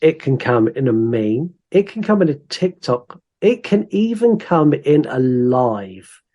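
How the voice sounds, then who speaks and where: A podcast co-host with a medium-pitched voice and measured pace animatedly reads out listener comments in put-on voices during a casual chat. The sound is lo-fi.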